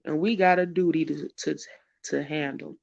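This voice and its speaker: A man hosting a live online show. He sounds tearful and emotional, speaks with preacherly urgency, repeats phrases, and gives casual shout-outs. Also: on the high side, fairly even intonation, normal speed, gravelly. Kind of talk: emotional livestream talk and exhortation. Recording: dull lo-fi stream audio.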